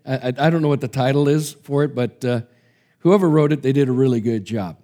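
A man's voice: mid-range voice, fairly quick, dark tone. A man preacher giving a sermon and reading a story aloud in an emphatic, dramatic way. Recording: long hall reverb.

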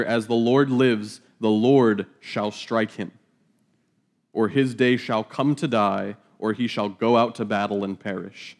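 A man reading scripture aloud and teaching it verse by verse, in a casual, joking manner with laughing asides. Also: medium pitch. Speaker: Bible teacher.

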